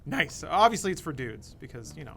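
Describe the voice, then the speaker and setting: Bright-voiced joking man on a livestream. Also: medium pitch, fast. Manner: joking, deadpan sarcastic. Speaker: podcast co-host. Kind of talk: casual livestream banter. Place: studio room, gaming livestream.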